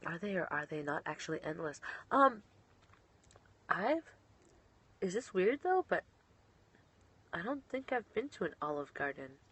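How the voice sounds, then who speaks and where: A woman's voice: fairly low pitch, very animated, measured pace, pauses often, fairly bright tone, breathy edge. A young woman, a professional wrestler, chatting casually while answering online questions, bubbly and giggly and often trailing off mid-sentence.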